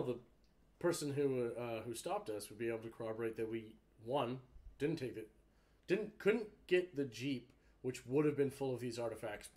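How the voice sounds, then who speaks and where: A man playing a tabletop role-playing game, arguing his case briskly. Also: mid-range voice. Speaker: player. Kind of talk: in-character tabletop banter.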